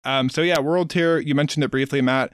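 A man on a podcast, patiently walking through details in an easygoing chat. His voice is smooth and clear, and the close mic leaves it dry. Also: mid-range voice, steady tone, fairly quick, no echo. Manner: explanatory, walks through details. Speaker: podcast co-host. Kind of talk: casual chat.

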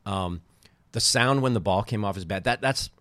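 A man's voice: fairly low pitch, moderate pace, a bit bright, dry recording. A middle-aged man, a former baseball team co-owner, telling rambling stories in casual chat and often breaking off his own sentences. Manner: rambling, self-interrupting storyteller.

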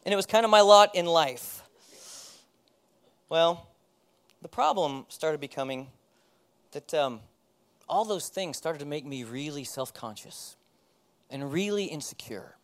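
Man, 30s, pastor; high voice, candid self-deprecating testimony with easy laughs. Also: lively intonation, a little slow, long pauses, a bit bright. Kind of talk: personal testimony sermon.

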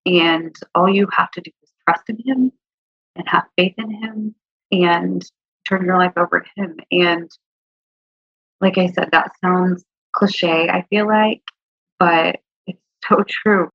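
With a lowish, steady voice and a slow pace, a woman recounts her testimony of faith as a guest in an interview. She is sincere and deeply moved, at moments on the verge of tears, and the audio is dry, muffled, and slightly lo-fi.

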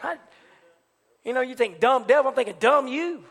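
High-voiced preacher shouting repeated lines. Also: male voice, lively intonation, moderate pace, big-room sound. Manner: rising to shouted, chanted preaching with repeated phrases. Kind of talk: sermon. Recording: live church service with congregation.

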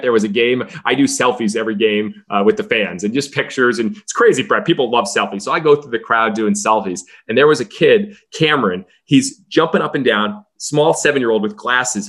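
A man who runs a baseball team, telling stories as a podcast guest in an energetic way that acts out the voices he quotes. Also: mid-range voice, brisk, few pauses.

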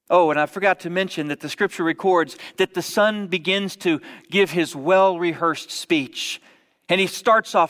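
A man's voice: high-pitched, moderate pace. Guy preaching a sermon, tells it like a story, goes to whispers, big hall echo. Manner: animated storytelling, dropping to hushed whispers. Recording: long reverb of a large hall.

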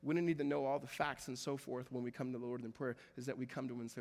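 A man's voice: mid-range voice, little pitch movement, fast, gravelly, hardly any pauses, a little mellow, big-room sound. A man preaching a sermon as pastor, building intensity and repeating phrases for emphasis. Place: church sanctuary.

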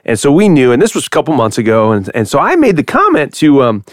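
A radio host chatting casually, telling a story with lots of laughter and acted-out quotes. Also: male voice, mid-range voice, quick pace, no room sound, clean studio sound. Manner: animated storyteller, laughs often, acts out quoted voices.

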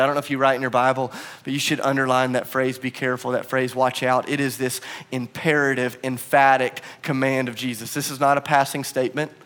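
A man preaching a sermon as pastor, animated and acting out quoted lines with a raised voice. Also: mid-range voice, brisk, hardly any pauses. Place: bar used as church venue.

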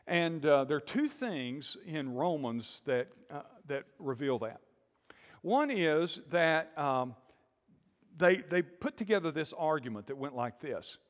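Animated preaching man in a reverberant hall. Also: fairly high pitch. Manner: animated, call-and-response preaching with sudden loud bursts. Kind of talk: sermon.

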